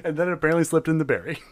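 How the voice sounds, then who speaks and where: A man's voice: a little high, no echo. A man running a tabletop game, chatting casually and animatedly, laughing often and swearing freely. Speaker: game master.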